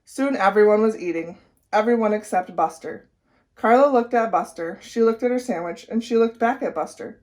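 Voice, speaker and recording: A woman teacher leading a guided read-aloud for children, with clear, expressive storytelling. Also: mid-range voice, moderate pace. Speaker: reading teacher.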